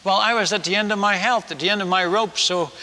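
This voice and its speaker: A man telling a personal story in a sermon, chatty and animated, stumbling over restarts and asking the audience questions. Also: high voice, fast talker. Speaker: missionary preacher. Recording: echoey hall.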